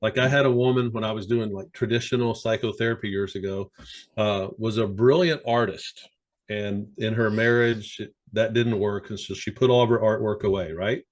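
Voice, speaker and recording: A man who works as a sports psychologist, speaking as a podcast guest and telling animated stories with plenty of fillers. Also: fairly low pitch, normal speed. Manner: animated, anecdotal, many fillers. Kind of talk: conversational storytelling.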